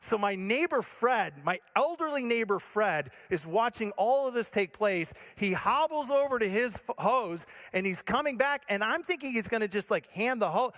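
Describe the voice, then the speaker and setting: Animated high-voiced pastor telling a story. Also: male voice, moderate pace, few pauses. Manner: animated, self-mocking storyteller. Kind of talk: sermon with a comic personal story.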